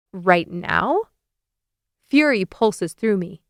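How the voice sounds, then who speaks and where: A woman narrating a first-person audiobook with a lively, expressive reading on a close studio mic. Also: medium pitch, moderate pace, clear, resonant tone, dry recording.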